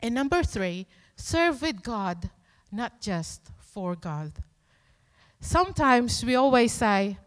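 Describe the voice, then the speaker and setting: Lady preacher, slow and earnest, asks lots of questions, big echoey church sound. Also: fairly high pitch, sing-song. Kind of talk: sermon.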